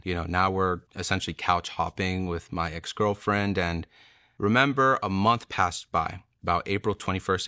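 Young guy telling his faith testimony, low voice but bright and crisp, dry close sound. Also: dry recording. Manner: earnest, emotional retelling with many "like" fillers. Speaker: testimony speaker. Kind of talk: personal testimony storytelling.

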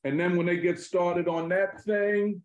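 Emphatic man with a high, roomy voice. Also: unhurried, lo-fi sound. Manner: animated, emphatic, profane street slang. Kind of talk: political conversation.

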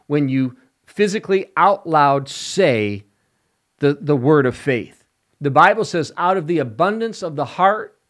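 A male evangelist preaches on his podcast at an unhurried, deliberate pace. His voice sits a little high for a man, and he leans hard on key words to drive each point home. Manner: slow, emphatic preaching with rising stress on key words. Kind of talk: podcast sermon.

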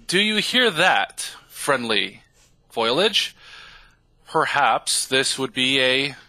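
A calm, courteous robot monk, played by a man at a tabletop game, speaks in slow, measured sentences and refers to itself in the third person. The voice is bright and crisp, recorded close and dry with no room sound. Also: medium pitch, no room sound. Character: formal male robot monk, calm and polite.

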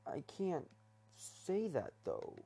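A man's voice: on the high side, very animated, slow, gravelly, warm tone, breathy edge. A young man hosting his first solo talk episode, rambling hesitantly from his bedroom with many fillers and restarts. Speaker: podcast host.

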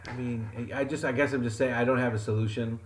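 A man's voice: medium pitch, steady tone, fast talker, a little hiss or hum. A man from Wyoming co-hosting a casual podcast, speaking bluntly with wry exaggeration. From Wyoming, USA. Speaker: podcast co-host.

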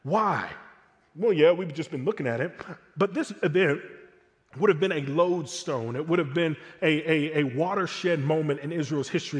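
A male pastor delivers a sermon with a high voice that swoops up and down. He talks to the congregation casually and throws in slangy asides. His voice echoes around a large hall. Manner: animated, conversational preaching with colloquial asides.

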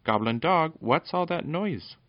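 A man reading a storybook aloud, putting on a sweet, soft voice for a little princess. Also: on the high side, lively intonation, unhurried, no echo, lo-fi sound, voice pushed up. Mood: gentle. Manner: gentle, reproachful.

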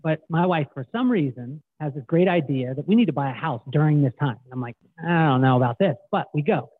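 Husky-voiced man on a tinny line. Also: on the high side, fast talker, no room sound. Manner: animated storyteller, acts out quotes. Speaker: guest. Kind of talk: casual storytelling interview. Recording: tinny phone-like line, dry.

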